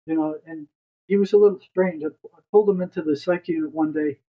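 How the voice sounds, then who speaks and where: A man's voice: fairly high pitch, fairly even intonation, fairly quick, phone-quality sound. An older retired psychotherapist, a man, telling a long story as a podcast guest, rambling and restarting his words.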